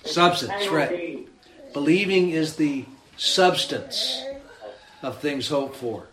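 A man preaching a sermon, animated and emphatic, acting out the story as he tells it. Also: a little high, slow, roomy sound, crowd noise. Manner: animated, acts out the scene with rising emphasis.

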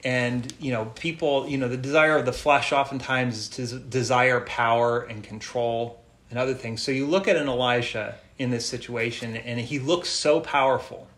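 Male preacher, mid pitch, reads scripture then chats it through; echoey room. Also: fairly even intonation, normal speed, fairly bright tone. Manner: reads scripture aloud, then explains it in plain chatty asides. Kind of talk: Bible study sermon.

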